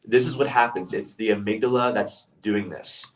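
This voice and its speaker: Man with a lowish voice, leadership speaker, earnest storyteller, mic set a little away from him. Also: moderate pace, far from the mic, rough recording. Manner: earnest storytelling, restarts phrases. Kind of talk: casual monologue.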